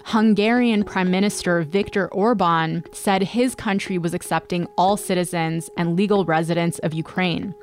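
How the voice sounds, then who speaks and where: A woman hosting a news podcast, interviewing a reporter and narrating scripted news in a measured, clear way. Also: on the low side, steady tone.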